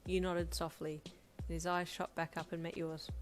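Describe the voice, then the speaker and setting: A woman reading a romance fan fiction aloud in a soft, intimate narrating voice, over faint lo-fi music. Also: fairly low pitch, little pitch movement, normal speed.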